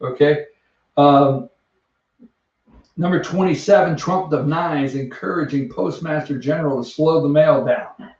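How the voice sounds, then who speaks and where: A man's voice: fairly high pitch, measured pace, pauses often, darkish tone. A man hosting a sarcastic, jokey countdown of news headlines from an office. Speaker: host. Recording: echoey, distant, dull sound.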